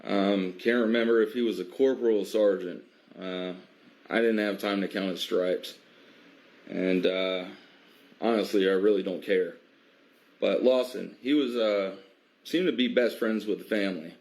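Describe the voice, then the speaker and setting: A man from a biker advocacy group recounting an incident in a measured way, with many pauses and fillers. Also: on the low side, steady tone, a little mellow. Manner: measured, filler-heavy, stops to restart. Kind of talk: recounting an incident, casual monologue.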